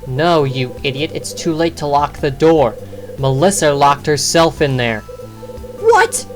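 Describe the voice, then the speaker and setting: A woman's voice: low voice, a little slow, soft background music. A woman reading the lines of a blunt, sarcastic male detective in a game.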